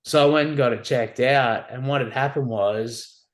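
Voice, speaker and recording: A man's voice: medium pitch, normal speed. A man in his forties talks as a podcast guest in a mid-range voice. He tells his stories in a candid, wry, casual way. He keeps checking in with "you know what I mean". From Australia. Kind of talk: casual conversational storytelling.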